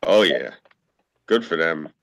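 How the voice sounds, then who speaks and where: A man's voice: very deep voice, expressive, slow, a bit bright, rough recording. A man from Queens with a New York accent, hosting a casual online chat and telling brash, profane stories. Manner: brash storytelling, swears freely.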